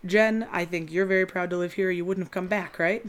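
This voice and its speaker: A woman's voice: fairly low pitch, fairly even intonation, fairly quick, clear, resonant tone. A woman co-hosting a podcast from West Michigan, chatty and self-deprecating, laughing as she rambles. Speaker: podcast co-host. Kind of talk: casual chat.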